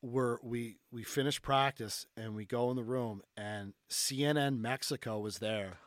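A man telling a story in casual talk, animated and full of fillers, swearing freely. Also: mid-range voice, unhurried, no echo, clean studio sound. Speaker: podcast guest.

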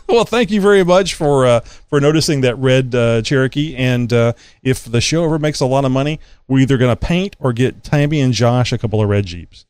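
A man's voice: mid-range voice, a little fast, hardly any pauses, a little mellow, clear, resonant tone, no room sound, studio quality. A man hosting a casual podcast, rambling through a story with lots of fillers and jokes. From West Houston, Texas. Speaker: podcast host.

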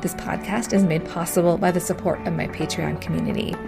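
A woman podcast host reading a scripted outro announcement in a steady, friendly way. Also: on the low side, brisk, vocal fry. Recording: voice over background music. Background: music.

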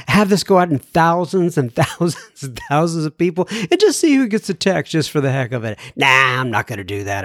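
A man's voice: fairly high pitch, no room sound, clean studio sound. A middle-aged man hosting a recovery podcast, reading listener emails aloud and drifting into tangents he apologizes for. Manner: rambling, apologetic, goes off on tangents with chuckles. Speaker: podcast host.

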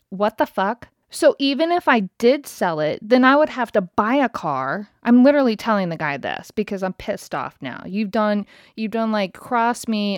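A woman's voice: medium pitch, no room sound, studio quality. Chatty, exasperated woman podcast host. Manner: chatty, exasperated, swears freely. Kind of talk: casual storytelling monologue. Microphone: podcast mic.

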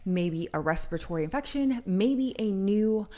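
A woman's voice: medium pitch, animated, moderate pace, warm tone. A woman co-hosting a podcast in casual chat, explaining things at length with lots of fillers and restarts. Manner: chatty, rambling explanations with many fillers. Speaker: podcast co-host.

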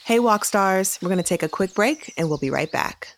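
A woman in her forties co-hosting a podcast, warm and supportive as she listens and responds. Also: mid-range voice, expressive, moderate pace, a little hiss or hum. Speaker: podcast co-host. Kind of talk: casual chat.

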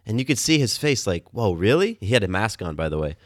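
A man hosting his own podcast, telling warm everyday stories in a casual, upbeat, enthusiastic way. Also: fairly low pitch, big pitch swings, quick pace, no room sound, studio quality. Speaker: podcast host. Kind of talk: casual storytelling monologue. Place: Atlanta, USA.

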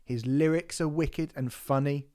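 A man's voice: a little high, steady tone, measured pace, darkish tone. Sweary, enthusiastic man. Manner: enthusiastic, sweary, trailing restarts. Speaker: podcast co-host reviewing an album. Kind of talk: casual music review chat.

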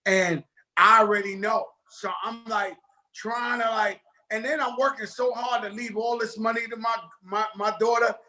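A man with a New York accent, a guest chatting on a video call in a lively, streetwise way. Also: high-pitched, moderate pace. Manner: animated, laughing, streetwise slang. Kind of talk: casual video call interview.

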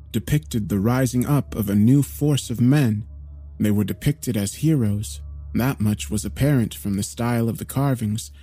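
A male narrator tells a horror story in a measured, grave way. His voice is mellow and mid-pitched, with faint music underneath. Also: no echo.

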